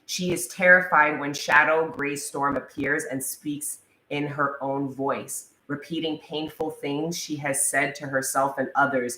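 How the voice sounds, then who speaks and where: A woman giving a casual tarot reading in a chatty manner, swearing freely and reading the card text slowly. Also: deep voice, fairly even intonation, bright, forceful tone. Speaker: tarot reader. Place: indoors, room with a live wasp. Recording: echoey room, faint background noise.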